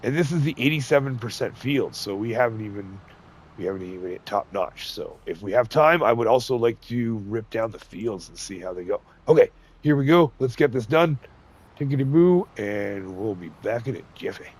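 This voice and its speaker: A man's voice: fairly low pitch, animated, normal speed, breathy edge. A middle-aged man with a cold, his voice nasal and congested, chatting folksily through farming gameplay as a gaming channel host and chuckling often. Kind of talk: casual gameplay commentary.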